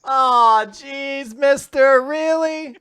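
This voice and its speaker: A co-host voicing a small, whiny boy who pleads in a high, squeaky voice during a comic reading. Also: extremely slow, fairly bright tone, full character voice. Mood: whiny pleading.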